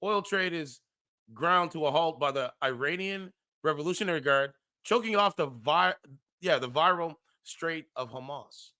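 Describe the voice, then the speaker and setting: A man's voice: a little high, expressive, moderate pace, pushed and bright. A man hosting a casual commentary show, reading an article aloud and stumbling over words, correcting himself, and breaking off into slangy asides.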